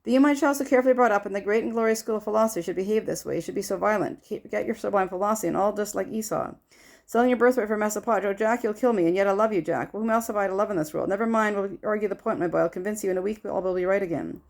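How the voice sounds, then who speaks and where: A woman's voice: medium pitch, racing, gravelly, a little mellow, lightly acted. A woman voicing a doting, fretful elderly father who lectures pompously on his philosophy. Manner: pompous, fretful, long-winded. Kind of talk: audiobook character voice.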